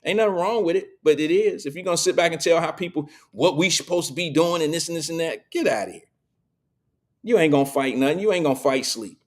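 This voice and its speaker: A man's voice: on the high side, fast. A middle-aged man hosting a live show, telling stories and preaching in a casual, slangy monologue to his audience.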